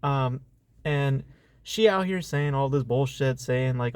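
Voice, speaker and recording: Male vlogger, mid-pitched voice, venting about a film with blunt profanity and irritation. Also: unhurried, a little mellow. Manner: profane, exasperated, heavy on fillers and rhetorical asides. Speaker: film reviewer. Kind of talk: casual ranting movie review.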